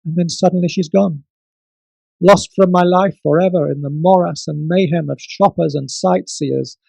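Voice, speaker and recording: A man reading his comic poems at a book launch, theatrical, swinging from loud outbursts to soft murmurs. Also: fairly high pitch, fairly even intonation, normal speed, gravelly, no room sound, low-quality recording. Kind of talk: comic poetry reading and casual asides.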